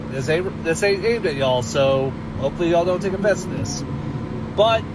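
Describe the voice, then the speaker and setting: A man's voice: fairly high pitch, noisy background. A man giving a blunt, casual ranting monologue with many fillers, as a social media commentator.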